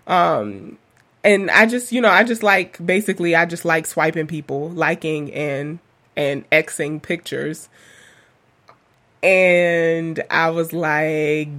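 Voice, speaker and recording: A woman's voice: medium pitch, animated, unhurried, fairly bright tone. A young woman hosting a casual podcast monologue, rambling and candid, swearing freely and laughing as she tells her story. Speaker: podcast host.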